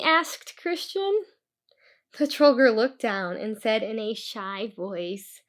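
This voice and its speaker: Slow, expressive woman reading a storybook. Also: on the high side. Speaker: storybook reader. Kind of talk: children's book read-aloud.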